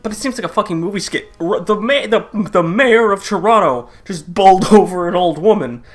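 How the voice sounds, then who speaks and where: A man riffing in a crude, casual comedic rant, laughing often and jumping into loud mocking impressions. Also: sits high, animated, brisk, slight background noise. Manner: profane, laughing, swings into loud mock quotes. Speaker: comedy commentary host.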